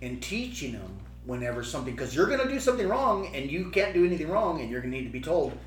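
A middle-aged man telling a story in casual chat, lively and acting out the quotes. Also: on the high side, quick pace, few pauses. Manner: animated, acts out quotes. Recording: roomy room echo with faint hum.

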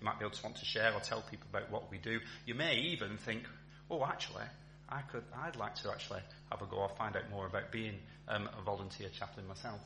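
A man's voice: on the low side, fast talker, sharp tone. A man giving a chatty church talk as a town centre chaplain, with many ums and restarts. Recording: echoey hall with faint hum.

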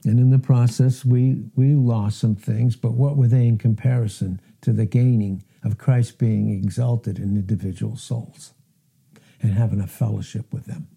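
A middle-aged male pastor delivers a sermon in a very dark, mellow voice with a husky edge. He talks earnestly and with emphasis, and his pitch climbs whenever he quotes a verse. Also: steady tone, moderate pace. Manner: earnest, emphatic, rises in pitch when quoting scripture.

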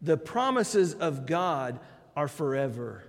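A high-pitched male preacher delivering a sermon with strong emphasis. His voice rises into loud declarations and drops into quiet, low endings. The sound carries a long reverb from a large hall. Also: sing-song, slow.

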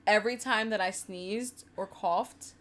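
A woman's voice: mid-range voice, measured pace. A woman in her twenties, co-hosting a podcast, chatting casually and laughing along. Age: 20s. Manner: laid-back, chiming in and laughing. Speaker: podcast co-host. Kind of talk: casual chat.

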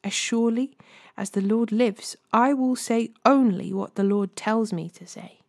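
A woman voicing a solemn prophet in a hushed tone. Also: on the high side, a little slow, vocal fry, no room sound, clean studio sound. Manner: half-whispered, solemn. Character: stern male prophet, speaks in hushed solemn tones.

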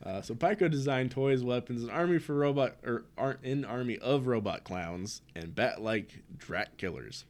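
A man's voice: medium pitch, normal speed, few pauses. A young man co-hosting a casual chat, reading a comic summary aloud and chuckling wryly at the odd names. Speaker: podcast co-host.

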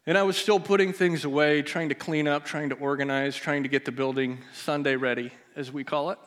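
A pastor telling a personal story in a sermon, his voice dropping to a near hush at the emotional moments. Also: on the high side, steady tone, a little fast. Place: church sanctuary.

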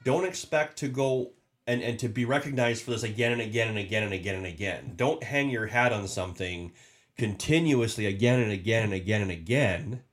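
A man's voice: lowish voice, fairly quick. A man giving a casual motivational talk as a podcast host, emphatic and repetitive, often restarting his sentences. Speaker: podcast host and sales leader.

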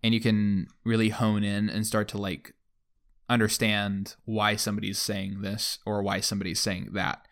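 A man's voice: lowish voice, little pitch movement, moderate pace, fairly bright tone. A young man hosting a podcast in casual chat, rambling with many fillers. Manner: rambling, lots of fillers like "like" and "you know". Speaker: podcast host.

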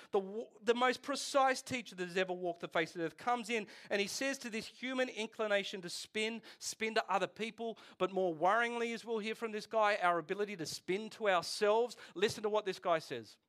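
A man's voice: sits high, fairly bright tone. A man preaching a sermon in a conversational, earnest way, repeating key lines for emphasis.

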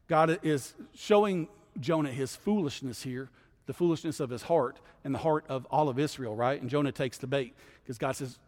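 A man's voice: mid-range voice, normal speed, a little mellow, in a large hall. A man who is a guest pastor, teaching a Bible study in a conversational way and often checking in with "right?".

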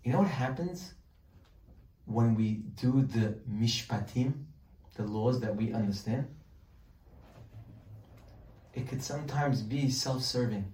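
A man giving a weekly Torah class as a rabbi, acting out imagined dialogues in a lively way. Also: mid-range voice, slow pace, pauses often. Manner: animated, acts out questions and answers in dialogue. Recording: roomy sound, mic at a distance.

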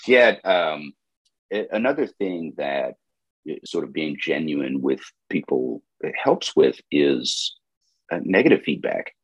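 A man with an extremely deep, husky voice hosts a podcast in a measured, thoughtful way, stopping for ums and uhs. The sound is dry and close, with no room around it. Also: expressive, dry recording, muffled recording. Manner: measured, reflective, with frequent fillers. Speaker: podcast host, operations consultant. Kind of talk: casual podcast conversation.

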